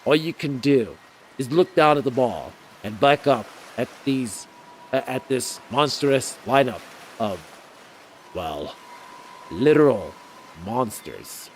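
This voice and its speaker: Reading a dating game aloud, this male streamer speaks slowly and animated at medium pitch. He jokes playfully, laughs at himself, and experiments with character voices over game music, with slight background noise.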